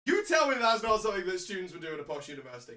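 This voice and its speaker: A man's voice: high voice, wildly swooping pitch, rapid-fire. A man in casual comedic banter, riffing on the text while he laughs and swears. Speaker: co-host and drinking game co-author. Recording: distant echoey mic with faint noise.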